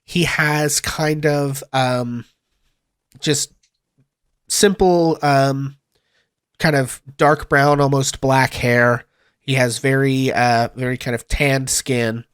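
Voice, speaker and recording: A man's voice: medium pitch, steady tone, slow, fairly bright tone, smooth, no echo, clean studio sound. A man running a tabletop game as game master, rambling with many fillers.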